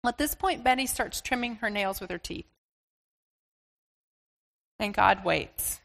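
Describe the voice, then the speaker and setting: A woman preacher telling a story sermon in a deliberate, expressive storytelling manner. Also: mid-range voice, creaky, big-room sound.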